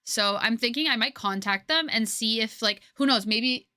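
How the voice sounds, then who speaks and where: Chatty young woman streamer, bright voice. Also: on the high side, normal speed, dry recording, studio quality. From Canada. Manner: chatty, rambling with many fillers and restarts. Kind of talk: casual chat with viewers. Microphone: headset.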